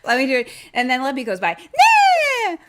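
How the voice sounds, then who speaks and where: A woman's voice: fairly high pitch, very fast, very noisy. A woman podcast host casually retelling a horror film for a live audience, swearing freely and acting out scenes. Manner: animated, profane, acts out the scenes.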